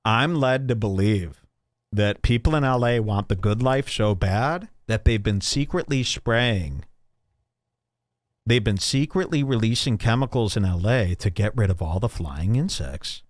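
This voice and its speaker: Animated ranting male podcast host. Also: measured pace, no echo, studio quality. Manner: exaggerated, mocking, swings between loud and low. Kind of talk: comedic rant. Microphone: studio microphone.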